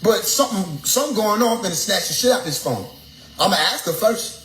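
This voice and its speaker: A young man, casually lecturing a group in an animated, preachy way and swearing freely. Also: high voice, a little fast, soft background music. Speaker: speaker addressing his followers. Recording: echoey room with faint ambient noise.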